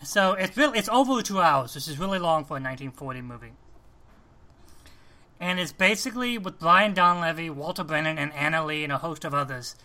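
A man co-hosting a casual talk show about films, animated and often restarting his sentences. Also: fairly high pitch, brisk. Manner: animated, restarts often, acts out quoted lines. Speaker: podcast co-host. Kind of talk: casual film discussion.

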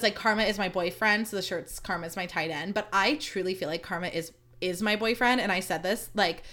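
Woman podcast host, chatty and mock-dramatic, crisp bright tone, mid-pitched. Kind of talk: casual solo chat.

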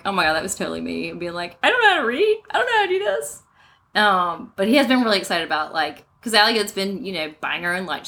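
A woman in her thirties co-hosting a casual podcast, laughing often as she tells animated stories about her children starting school. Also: fairly low pitch, slight background noise. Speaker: podcast co-host. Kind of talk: casual chat.

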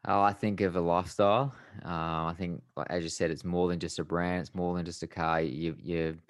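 A man co-hosting a casual motorsport podcast, easygoing and quick to agree. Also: low-pitched, flat delivery, dry recording, studio quality. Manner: easygoing, short agreeing replies. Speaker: podcast co-host.

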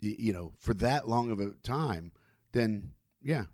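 A man's voice: fairly low pitch, animated, a little slow, darkish tone, no room sound, clean studio sound. A man hosting a casual podcast chat who makes wry, teasing remarks.

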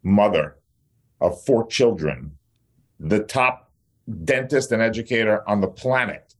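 A man's voice: lowish voice, unhurried. A male dentist and educator talking in a casual interview, blunt, fired-up and openly emotional.

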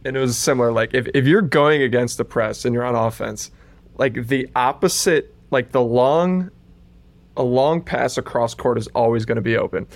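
A man's voice: medium pitch, moderate pace, dry recording. A man co-hosting a podcast, telling rambling stories full of "like" and laughter. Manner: rambling, lots of "like", laughs often. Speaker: podcast co-host, former player. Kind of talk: casual storytelling chat.

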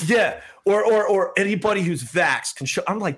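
High-voiced guy ranting, pitch all over the place, cussing constantly. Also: big pitch swings, normal speed, hardly any pauses, a bit bright, breathy edge. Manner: heated, profane storytelling. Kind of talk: casual chat.

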